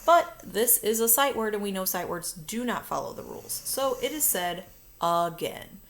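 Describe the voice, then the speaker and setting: Gravelly-voiced woman teaching phonics. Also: mid-range voice, animated, normal speed, slight background noise. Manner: patient, step-by-step explaining. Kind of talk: online phonics lesson. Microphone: recording her own video lesson.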